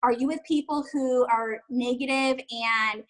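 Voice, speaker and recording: A woman in her thirties, a guest talking casually and quickly in an interview, full of fillers. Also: fairly high pitch, fairly even intonation, rough recording. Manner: fast, chatty, full of "like" fillers. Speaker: guest, network marketing distributor.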